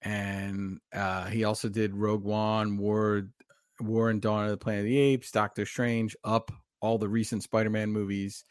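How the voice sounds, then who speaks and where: Chatty low-voiced man co-hosting a podcast. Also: flat delivery, no room sound, clean studio sound. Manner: chatty, talks fast with laughs and fillers. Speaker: podcast co-host. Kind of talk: casual chat.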